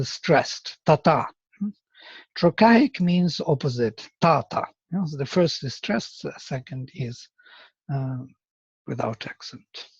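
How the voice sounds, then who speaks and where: Male lecturer, unhurried and methodical, slightly raised pitch, dry and dull lo-fi sound. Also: a little mellow, slightly rough, no room sound. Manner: slow and deliberate, tapping out rhythms aloud.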